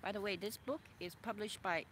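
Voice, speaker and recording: A woman author reading her own memoir aloud, expressive and dramatic, breaking off for chatty asides. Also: mid-range voice, brisk, a little hiss or hum. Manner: expressive, swings between soft and loud, chatty asides.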